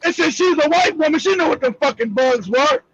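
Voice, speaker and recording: A male host who talks loudly with profanity and often shouts through animated retellings. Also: very high voice, a little fast, lo-fi sound. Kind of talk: heated live broadcast talk.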